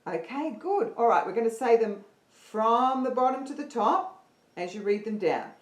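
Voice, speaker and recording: An upbeat woman leads an online singing class and counts her students in. Her pitch moves a lot as she talks. Her voice echoes around a roomy space. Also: expressive, moderate pace. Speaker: singing teacher. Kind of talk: online singing lesson livestream.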